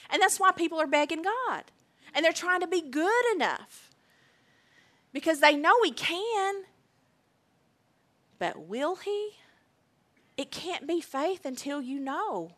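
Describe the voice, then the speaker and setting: A woman preaching a sermon, emphatic and deliberate, repeating key phrases. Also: extremely high pitch, sing-song, a bit bright.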